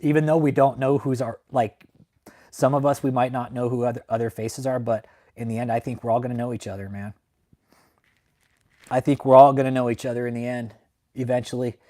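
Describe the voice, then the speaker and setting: With a dark, mid-range voice that stays steady and moves briskly, a young man hosts a casual livestream for viewers. He rambles emotionally, swears heavily, and finishes his sentences with "man."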